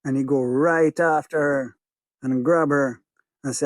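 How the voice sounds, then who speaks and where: A man with a Jamaican accent narrating a first-person story in a rhythmic, hushed patois. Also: medium pitch, steady tone, measured pace, no room sound. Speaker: audiobook narrator. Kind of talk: first-person audiobook narration of a child's memory.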